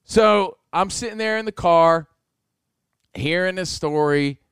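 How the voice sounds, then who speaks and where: A man's voice: high-pitched, slow, clean tone, no room sound, studio quality. A man telling a long story in casual chat, acting out the people in it and swearing freely. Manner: animated, acts out voices, swears.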